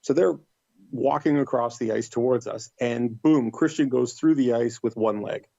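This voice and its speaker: A man's voice: medium pitch, normal speed, vocal fry, dry recording, dull audio. A middle-aged man casually telling a story, acting out the other people's lines in livelier voices. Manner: animated, acts out voices in quotes. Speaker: podcast guest.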